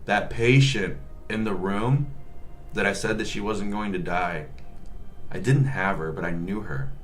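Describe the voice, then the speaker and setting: A male nurse telling a work story in a casual, animated way, joking and swearing often. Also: lowish voice, a little slow, a little hiss or hum.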